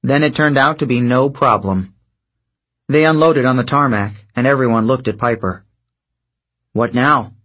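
A man narrates a novel in a steady, measured way. His voice sits at a middle pitch and has a husky grain. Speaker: audiobook narrator. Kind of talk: scripted narration.

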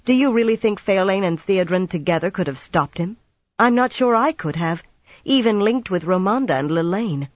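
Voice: mid-range voice, lively intonation, normal speed, no echo, close to an everyday voice. A narrator voicing a firm, commanding young woman leader who speaks sharply, in a slightly dull, dry recording. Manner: sharp, decisive.

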